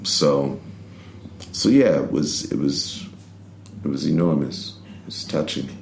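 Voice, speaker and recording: A middle-aged man with an extremely deep, gravelly voice tells stories in a relaxed, rambling way, full of "you know" and "like." His voice sits in a roomy space with a faint hum of ambience behind it. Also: slow. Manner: laid-back, rambling, lots of "you know" and "like". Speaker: interview guest, poet and rapper. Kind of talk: casual interview storytelling.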